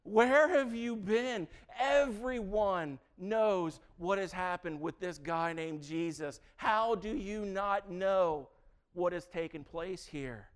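A man's voice: sits high, takes it slowly, clean tone, pitched above the performer's own voice. A man doing an incredulous young disciple. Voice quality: incredulous, mocking tone.

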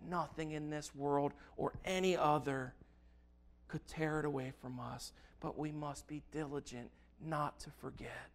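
A man preaching a sermon, reading scripture slowly and earnestly with emphatic stresses. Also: fairly high pitch, fairly even intonation. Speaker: pastor.

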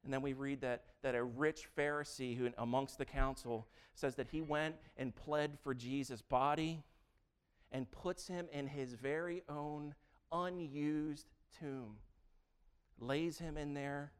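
Male pastor, casual and animated sermon delivery, light tenor voice. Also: a little high, slow pace, clear, resonant tone. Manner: animated, conversational preaching with frequent restarts.

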